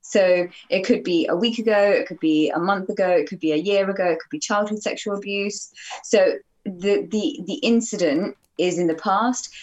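A woman's voice: mid-range voice, muffled recording. A woman, a podcast guest, talking in a loose casual way with many fillers and restarts. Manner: swears freely, talks in loose restarts with many "um"s.

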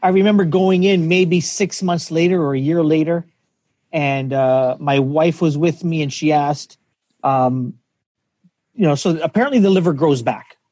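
A man's voice: a little high, moderate pace, warm tone, no room sound. A man hosting a casual interview, chatty, with stumbling starts to his questions. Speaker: interview host.

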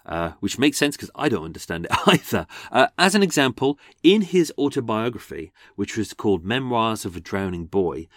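An English man narrates a true crime podcast with an animated, swinging delivery. His voice sits close and dry, with no room around it. He reads letters and quotes aloud as he goes. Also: fairly low pitch, dry recording. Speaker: podcast host.

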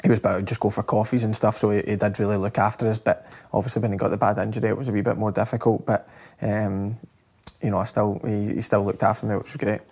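A man's voice: on the low side, level tone, fast, darkish tone, husky. Chatty Scottish man telling stories. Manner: rambling, repeats words, full of fillers. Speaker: interview guest, footballer. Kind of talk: casual storytelling chat.

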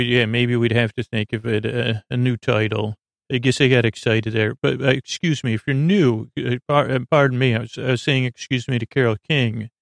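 Creaky guy rambling on a sleep podcast, dry close sound, drifts off topic and circles back. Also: mid-range voice, no echo. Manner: meandering, self-interrupting, goofy tangents; soft, lulling delivery. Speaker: podcast host.

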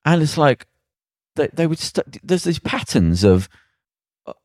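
A man's voice: on the high side, sing-song, unhurried, a little mellow, no room sound, studio quality. A young man co-hosting a casual podcast, telling blunt, rambling stories full of slang and mimicked voices. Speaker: podcast co-host.

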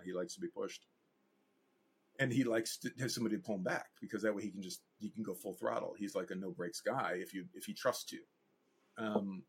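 Husky man telling lively anecdotes. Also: fairly low pitch. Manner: animated anecdote teller, acts out quoted voices. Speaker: guest animator and director. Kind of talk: casual interview storytelling.

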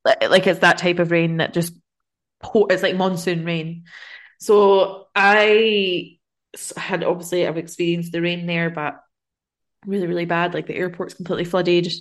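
A tired woman co-hosting a podcast, talking in a loose, giggly way and swearing now and then. Her voice sits a little low for a woman. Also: little pitch movement, normal speed. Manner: chatty, giggly, swears casually. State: tired from travel. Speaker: podcast co-host. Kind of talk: casual chat.

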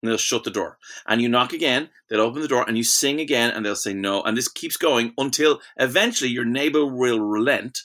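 A man's voice: medium pitch, a little fast, few pauses, bright, forceful tone. A man hosting a comedy podcast, telling stories in an enthusiastic, casual way and laughing often. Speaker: podcast host.

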